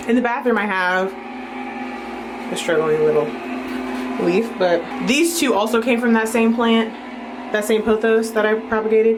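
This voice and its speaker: A woman chatting casually in a home vlog, animated, her voice jumping high when she exclaims. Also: background noise. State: a bit out of breath. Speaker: vlogger. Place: apartment rooms, moving around.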